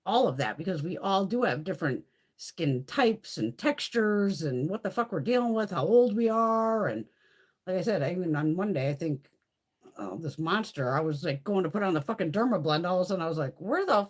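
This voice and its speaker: Husky, profane woman chatting on a stream. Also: lowish voice, lively intonation, fairly quick. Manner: rambling, swears a lot; chatty, laughs often. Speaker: beauty live streamer. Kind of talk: casual live-stream chat.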